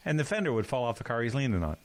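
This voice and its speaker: A man's voice: medium pitch, big pitch swings, very fast. A man co-hosting a podcast, telling folksy stories and jokes in casual chat. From Canada. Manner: folksy storyteller, jumps into put-on voices. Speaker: podcast co-host.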